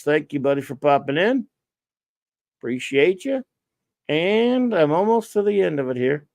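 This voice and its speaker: A man's voice: a little high, big pitch swings, unhurried, vocal fry, long pauses, a little mellow, no echo, studio quality. A man hosting a casual livestream, rambling along as he reads out viewer names and thanks each one. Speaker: livestream host.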